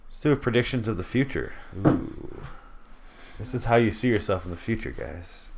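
A low-voiced man hosts a casual podcast chat, tossing out quick random questions between jokes. His pitch jumps around a lot as he talks. A faint hiss sits under the recording. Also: expressive, vocal fry. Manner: loose, joking, asks rapid questions. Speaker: podcast host.

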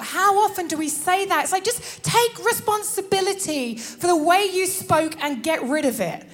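A woman preaching a sermon in a lively way, often laughing and acting out little scenes. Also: extremely high pitch, a little slow.

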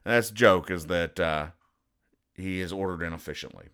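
A man's voice: low-pitched, normal speed, a bit bright, clean tone. A man hosting a comedy show, explaining comic strips in a dry, sarcastic way and briefly acting out the characters' lines. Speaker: comedy podcast host. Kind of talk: deadpan comic strip commentary.

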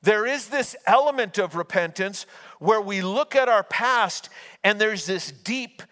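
A man with a high voice preaches a conversational sermon. He stumbles and restarts his phrases and acts out little anecdotes along the way. His voice carries a long reverb from a large hall. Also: lively intonation, measured pace, a bit bright. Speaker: pastor.

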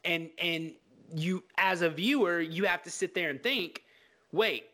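A man co-hosting a casual film podcast, talking in an animated, profane way and acting out scenes. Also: high voice, unhurried. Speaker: podcast co-host.

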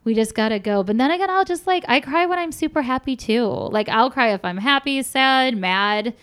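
Young woman on a podcast, kinda high voice, smooth and clear, swears a lot, says like constantly. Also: animated, normal speed, a bit bright. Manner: frank, swears freely, lots of fillers. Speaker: podcast guest. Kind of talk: casual podcast chat.

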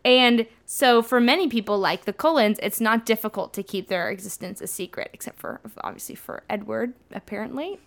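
A young woman co-hosting a casual chat, recapping a book and acting out the quotes with lively voices. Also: a little high, a little fast, vocal fry, hardly any pauses. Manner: animated, acts out quotes in put-on voices. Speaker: podcast co-host recapping a book.

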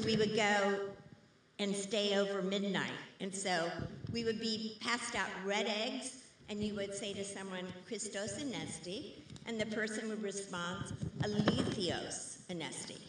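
A woman leading a call and response, chatting with laughing asides. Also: mid-range voice. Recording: echoey room from far off, noisy.

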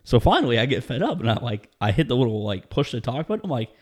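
A man's voice: mid-range voice, sing-song, fast talker. A man casually telling a story in conversation, laid-back and profane, often breaking into laughter.

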